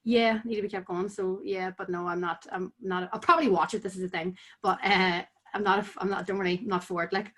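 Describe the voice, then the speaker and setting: A woman's voice: mid-range voice, steady tone, fast, hardly any pauses, a bit bright. A young woman with a Northern Irish accent, chatting casually as a podcast guest, full of "like" fillers. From Tyrone, Northern Ireland. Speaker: podcast guest, amateur boxer. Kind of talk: casual chat.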